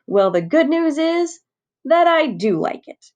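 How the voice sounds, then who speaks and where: A woman reading aloud as a calm, firm father reassuring his son. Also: high voice, unhurried, highs cut off, pitched above the performer's own voice.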